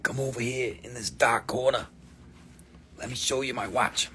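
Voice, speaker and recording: A man's voice: mid-range voice, fairly even intonation, normal speed, close to an everyday voice. Man playing a shady trench-coat hustler, sneaky, half-whispered, hissing.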